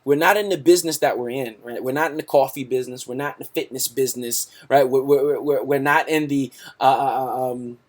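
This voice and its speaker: A man's voice: medium pitch, fairly even intonation, fairly quick, hardly any pauses. A man hosting a sales webinar, hyped and salesy, tacking "right?" onto nearly every sentence and calling his listeners "guys". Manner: hyped, repeats "right?" constantly; salesy, pumped, talks to the audience as "guys". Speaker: webinar host.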